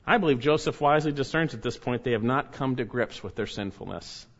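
A man's voice: mid-range voice, fairly quick, lo-fi sound. A man preaching a sermon, reading scripture aloud and commenting on it emphatically with rhetorical questions. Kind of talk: expository sermon.

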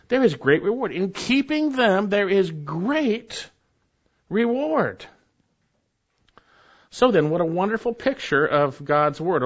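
A pastor delivers an expository sermon in an earnest, emphatic manner, letting his phrases fall soft and low at their ends. The recording is dull, muffled and lo-fi.

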